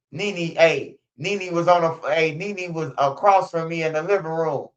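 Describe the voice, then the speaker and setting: A man on a live stream, telling stories and commenting in a profane, animated way. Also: on the high side, measured pace. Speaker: streamer commenting on street news. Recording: dull lo-fi stream audio.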